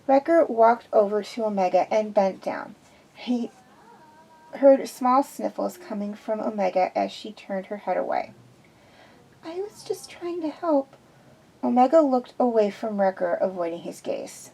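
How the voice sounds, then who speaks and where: A woman's voice: mid-range voice, normal speed, creaky, mellow, rough recording. A woman reading fan fiction aloud in an unpolished way, with restarts. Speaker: reader.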